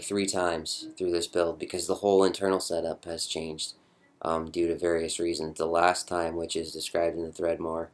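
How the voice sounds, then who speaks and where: A young man giving a rambling, chatty show-and-tell walkthrough of something he built, often correcting himself mid-sentence. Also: sits low. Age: young adult. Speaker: hobbyist prop builder.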